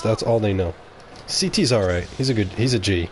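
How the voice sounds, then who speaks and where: A man's voice: fairly low pitch, fairly quick, a little hiss or hum. A man streaming live, rambling bluntly and talking straight to his chat. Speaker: game streamer.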